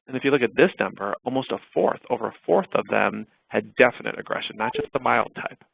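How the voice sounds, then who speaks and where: This webinar presenter, a clinical researcher, speaks fast and animated at medium pitch with a creaky edge. He moves through slides casually, full of fillers and restarts, and the audio is dry, tinny and phone-like.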